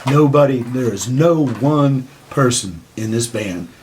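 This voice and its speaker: A man's voice: medium pitch, expressive, slow pace, a little mellow, slight background noise. Older man in an earnest band interview. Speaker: band member.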